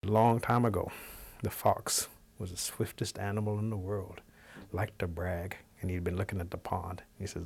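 A male storyteller with a gravelly, husky low voice recounts an animal fable plainly and evenly. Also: normal speed, darkish tone. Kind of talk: oral storytelling.

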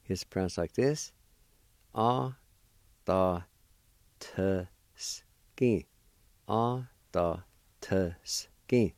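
A man teaching a language lesson, spelling and pronouncing words slowly and patiently, letter by letter. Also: sits low, darkish tone, no echo. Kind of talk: slow spelling and pronunciation lesson.

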